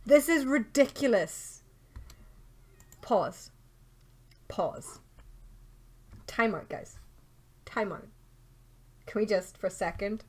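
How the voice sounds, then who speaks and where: A young Irish woman chatting casually through a game livestream, excitable and talking to her viewers and the game characters. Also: medium pitch, husky. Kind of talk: casual let's play commentary.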